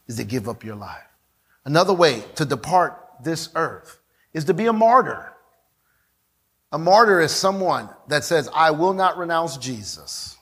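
A man's voice: fairly high pitch, fairly bright tone. A middle-aged man preaching a sermon, emphatic, repeating key phrases and leading the congregation to answer back.

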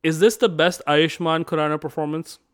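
A man's voice: fairly high pitch, steady tone, brisk. A man co-hosting a casual film review chat, asking questions and reading out review quotes. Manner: inquisitive, poses questions and reads review quotes. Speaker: podcast co-host.

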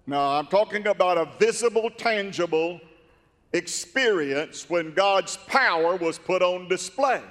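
A man with a high-pitched voice delivers a fervent, storytelling sermon that swells into emphatic shouts. His voice rings out with long reverb through a large church sanctuary. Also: lively intonation, a little slow. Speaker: preacher.

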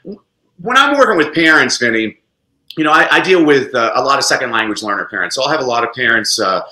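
An expressive man talking as an interview guest. His voice swoops widely up and down, with a bright edge. The room around him rings with echo. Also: a little fast. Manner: lively, expressive, sweeps into high pitch for emphasis. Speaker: podcast guest, educator. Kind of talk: animated interview talk.

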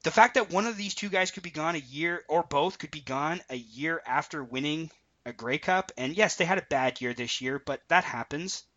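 A man co-hosting a sports podcast, giving opinionated, animated takes in casual chat over dull lo-fi audio. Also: fairly high pitch, moderate pace. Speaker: podcast co-host.

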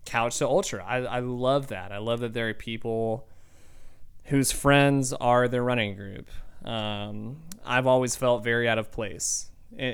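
Podcast host, young male, earnest and reflective, very clean resonant voice, mid-pitched. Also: clean tone. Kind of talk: casual monologue.

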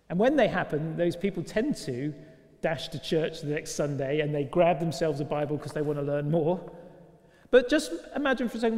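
High-voiced preacher in echoing church. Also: male voice. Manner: lively, conversational, full of rhetorical questions. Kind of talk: sermon. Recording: long reverb of a large church.

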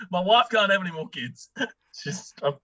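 A man's voice: high voice, bright, forceful tone, no echo, lo-fi sound. A man bantering on a comedy podcast, jokey and swearing, often chuckling. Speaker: podcast co-host.

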